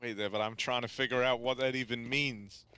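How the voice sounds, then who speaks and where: A man's voice: medium pitch, fairly even intonation, a little fast, background noise. A man doing color commentary on a live esports match, playful and analytical.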